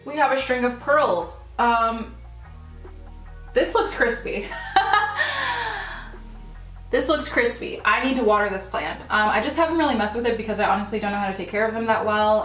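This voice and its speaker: A woman's voice: on the high side, normal speed, a bit bright, soft background music. Gushing, chatty woman in a roomy room. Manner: gushing, chatty, with frequent ums and laughs. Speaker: plant vlogger. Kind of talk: casual haul video chat. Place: home room full of houseplants.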